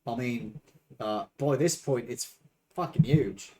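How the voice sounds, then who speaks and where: A man's voice: mid-range voice, slow pace, crowd noise, lightly acted. A man voicing a laid-back drow woman with an Australian accent, blunt and swearing casually. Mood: wry.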